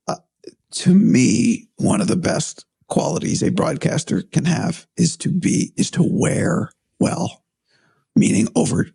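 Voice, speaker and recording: A man talking casually on a podcast, hoarse and raspy after vocal cord surgery, thoughtful and hedging. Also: on the high side, warm tone, no room sound. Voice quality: raspy, breathy. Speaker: sports broadcaster.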